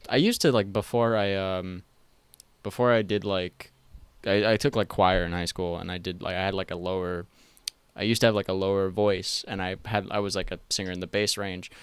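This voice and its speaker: A man's voice: low voice, a little fast, clear, resonant tone, dry recording. A young man hosting a podcast, talking casually in a rambling, filler-heavy way with easy swearing. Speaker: podcast host.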